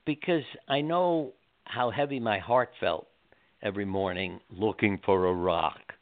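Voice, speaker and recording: An older man, a guest author, telling heartfelt stories in an animated, rambling way with many restarts, heard over a phone line. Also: lowish voice, measured pace, dry recording. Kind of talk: storytelling interview.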